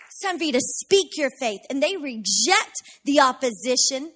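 A woman pastor preaching a sermon with passion, building up to shouted declarations of faith. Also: high-pitched, sing-song, normal speed, hardly any pauses, some chatter behind.

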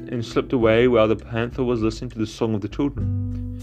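A man's voice: mid-range voice, brisk. A man reading an old folk tale aloud as the host of a storytelling show, with small slips as he goes. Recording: dull lo-fi recording with faint guitar.

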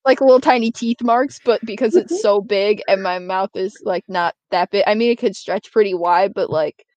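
A woman's voice: medium pitch, moderate pace, darkish tone, no echo. Young woman, tabletop player, giggly, rambling, dry close sound. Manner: giggly, rambling, swears casually. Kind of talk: tabletop role-play, in character and out.

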